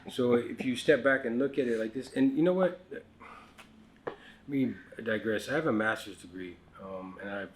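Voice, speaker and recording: A man's voice: medium pitch, moderate pace, a little hiss or hum. Candid man telling stories, casual. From United States. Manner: candid, frequent fillers and restarts, drops to quiet asides. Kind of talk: casual storytelling conversation.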